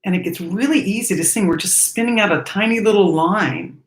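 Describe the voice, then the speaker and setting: A woman giving a breathing lesson, speaking gently and reflectively and singing lines of a song between her remarks. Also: mid-range voice, brisk, echoey room, poor audio. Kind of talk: breathing lesson with sung demonstration.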